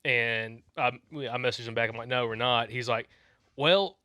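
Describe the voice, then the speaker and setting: A man's voice: medium pitch, completely flat delivery, fairly quick, sharp tone, clean tone, no room sound. A man, co-hosting a podcast and telling a funny story with a joking, laughing manner. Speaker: podcast co-host. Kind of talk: casual chat.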